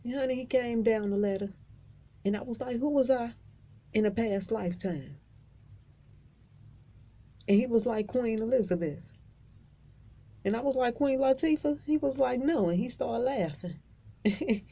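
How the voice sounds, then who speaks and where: A woman vlogger tells her story in a loose, profane and animated way. Her voice is mellow and dark. The recording is a little dull and lo-fi. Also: medium pitch, creaky. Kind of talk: casual storytelling to camera.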